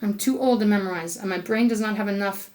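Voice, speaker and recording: A woman's voice: medium pitch, quick pace, a little mellow. A woman giving a casual tarot reading to camera, chatty and enthusiastic, talking aloud to spirit, laughing often and coughing now and then. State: occasional coughing. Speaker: tarot reader.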